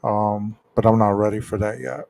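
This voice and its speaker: A man's voice: lowish voice, little pitch movement, moderate pace, creaky, a little mellow, no echo. A man hosting a true-crime livestream, chatting casually with viewers in chat, rambling with fillers and restarts.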